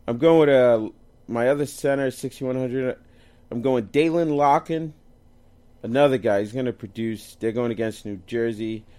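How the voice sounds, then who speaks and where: A man co-hosts a loose, jokey sports chat, listing his fantasy lineup picks and stumbling over tricky names. His mid-range voice is a little mellow at a moderate pace.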